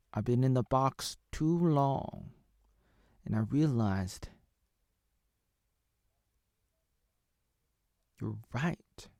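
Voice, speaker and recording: A man's voice: medium pitch, gravelly, darkish tone, no room sound, clean studio sound. A man voicing a sassy, theatrical male jackalope rabbit in a raised, indignant voice.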